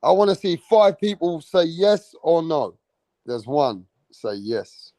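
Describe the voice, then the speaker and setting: Man, live-stream host, slow, slightly high voice, dry close sound, excitable and repetitive. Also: dry recording, rough recording. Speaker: livestream boxing host. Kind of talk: casual live-stream chat.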